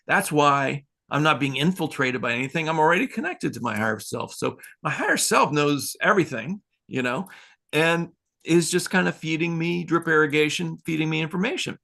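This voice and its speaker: A man's voice: medium pitch, creaky, pushed and bright. A man hosting a spiritual talk show, telling stories in a loose, rambling way with small chuckles. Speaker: podcast host.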